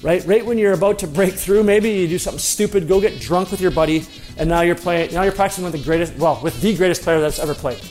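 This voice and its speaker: A former hockey player telling a story about himself in a casual, animated, self-mocking way. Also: male voice, sits high, fast, soft background music.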